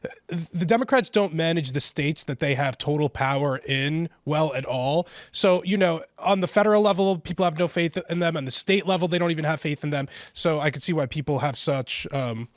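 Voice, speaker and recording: A man's voice: a little high, fairly quick, dry recording, clean studio sound. A man talking as a guest on a panel podcast, in a tentative, hedging way. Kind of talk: casual panel discussion.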